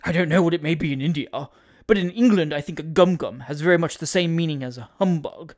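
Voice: medium pitch, fast, darkish tone, lightly acted. A reader voicing a blunt, skeptical man who scoffs dryly at a tall tale, in an audiobook. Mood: scoffing. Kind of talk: audiobook character voice.

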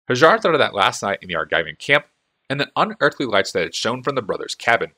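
A man's voice: mid-range voice, very animated, fast talker, sharp tone. A man reading a fantasy novel aloud as a fan audiobook, telling the story expressively. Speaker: audiobook narrator.

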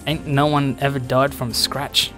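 A rough-spoken old grandmother, fierce and protective, as a man reading a game story puts her on. Her words are blunt and gruff. The voice is middle-pitched. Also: level tone, moderate pace, over music, lightly acted.

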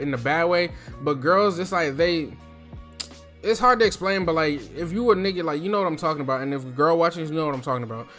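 A man's voice: fairly high pitch, a bit bright. A young man from New Jersey giving casual advice in a loose, slangy, chatty way, speaking from his throat.

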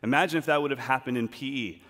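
Give me an animated man telling stories on a big auditorium stage, with reverb from the hall. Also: mid-range voice, fast talker. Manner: animated, acts out scenes. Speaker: speaker at a talk. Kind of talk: storytelling public talk. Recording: long reverb of a large hall.

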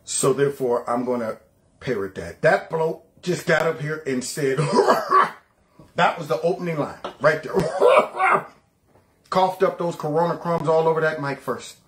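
A man hosting a political reaction show, talking in a sarcastic, mocking way. His voice sits fairly high for a man and he keeps the energy up. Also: normal speed, a little hiss or hum. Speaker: commentary host.

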